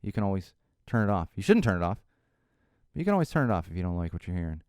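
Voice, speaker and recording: A man hosting his own podcast, talking solo in an animated, ranting way and mocking other people's voices. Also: deep voice, rapid-fire, clear, resonant tone, no echo, studio quality. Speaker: podcast host.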